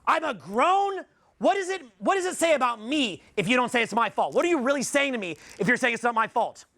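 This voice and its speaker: Canadian man in his 40s, seminar speaker: blunt, profane, gravelly edge, very high voice for a man. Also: expressive, quick pace, pushed and bright, no room sound. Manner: profane, blunt, rhetorical questioning of the audience. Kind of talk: live seminar talk to a room.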